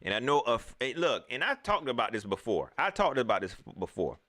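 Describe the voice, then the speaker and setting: A man from the States, giving an animated, preachy fan rant that repeats its points in slangy talk. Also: mid-range voice, a little fast. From Southern United States. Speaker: sports vlogger, fan commentator. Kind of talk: ranting fan commentary.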